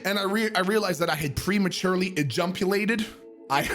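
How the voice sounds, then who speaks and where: A man casually telling a story as a streamer, animated and profane, sometimes bursting into shouts. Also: high voice, a little fast, faint music behind.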